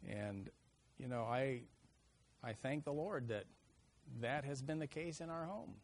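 A middle-aged man preaching a sermon, telling family stories and acting out children's cries with lively energy. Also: medium pitch, unhurried, a little hiss or hum. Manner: animated storyteller, acts out kids' shouts.

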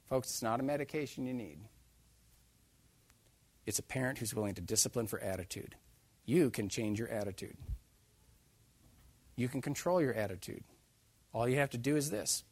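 A man preaching a sermon, emphatic and animated, joking with his listeners. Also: medium pitch, no echo. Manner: emphatic, animated, jokes with the congregation.

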